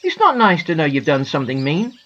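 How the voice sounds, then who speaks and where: A woman's voice: low voice, wildly swooping pitch, fairly quick, fairly bright tone, highs cut off, full character voice. A woman voicing an earnest, well-behaved little boy in a storybook, worried and scolding. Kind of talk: storybook reading.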